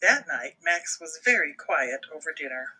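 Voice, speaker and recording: A woman narrating a children's storybook in a lively, expressive read-aloud style and acting out the sound effects herself. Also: deep voice, normal speed, background noise.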